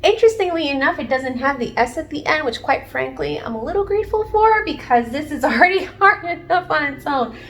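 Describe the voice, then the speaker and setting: A woman's voice: sits high, animated, fairly quick, a bit bright, a little hiss or hum. A woman from Puerto Rico giving a casual video lesson, chatty and encouraging as she explains at a whiteboard. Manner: chatty and encouraging, self-deprecating. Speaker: online language learner teaching viewers. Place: indoors at a whiteboard. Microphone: camera framing her at the board.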